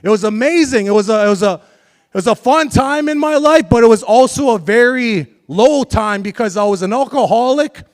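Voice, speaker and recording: High-voiced man telling his story. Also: lively intonation, normal speed. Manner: candid, confessional storytelling with audience banter. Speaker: speaker sharing his life story. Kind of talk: live motivational talk to an audience.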